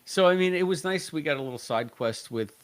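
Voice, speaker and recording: A man's voice: a little high, expressive, brisk. A man co-hosting a podcast, giving a rambling, analytical episode review and often correcting himself mid-sentence. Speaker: podcast co-host. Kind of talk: casual review chat.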